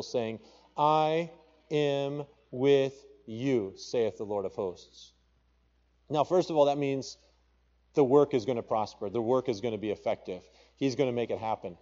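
A man's voice: medium pitch, moderate pace, dark tone, muffled recording. A male pastor with a Papua New Guinean accent preaching a sermon and reading scripture aloud with rising emphasis. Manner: preaching with rising emphasis, quoting scripture in King James wording.

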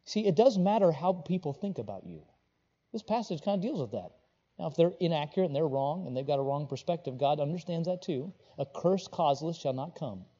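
A man preaching a sermon, rising to loud, pressing emphasis and then dropping to low, earnest tones. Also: animated, fairly quick, in a large hall, muffled recording. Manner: swings between loud preaching and quiet, low earnest talk. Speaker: pastor.

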